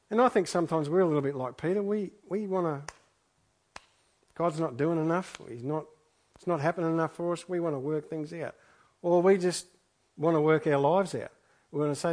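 This man is a pastor preaching a sermon: he reads a scripture passage aloud and earnestly reflects on it, repeating phrases often to stress them. His voice is fairly high in pitch with a darkish tone, and he talks fairly quickly.

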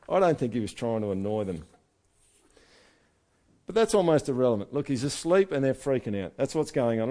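A man preaching a conversational sermon with lively asides. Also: fairly high pitch. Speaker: pastor.

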